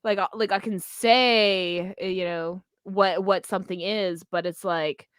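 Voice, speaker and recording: A woman co-hosting a casual podcast chat, laughing often and tossing in quick asides. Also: mid-range voice, steady tone, a bit bright, clean tone, no room sound, studio quality. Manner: giggly, quick asides, mimics voices. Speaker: podcast co-host.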